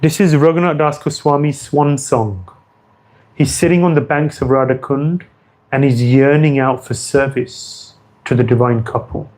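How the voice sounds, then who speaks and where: A man's voice: medium pitch, darkish tone, poor audio. A man giving an earnest devotional lecture as a spiritual teacher, often repeating phrases for emphasis.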